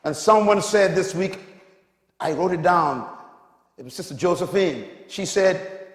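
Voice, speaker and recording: A man in his fifties preaching a sermon, forceful, with sudden loud emphatic bursts. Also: on the high side, lively intonation, brisk. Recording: echoey hall with long reverb.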